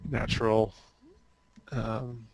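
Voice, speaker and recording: Concept artist, male; gravelly, unhurried delivery, halting with frequent restarts, casual call chat. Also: lowish voice, little pitch movement, noisy background. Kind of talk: casual show-and-tell on a group call.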